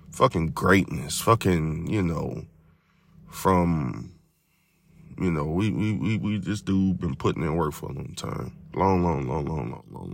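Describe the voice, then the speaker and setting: A very deep-voiced man hosts a podcast on his own. He talks loosely and profanely, rambling along and stretching words out in long repeated runs. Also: vocal fry. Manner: profane, rambling, drawn-out repetitions. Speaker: podcast host. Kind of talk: casual monologue.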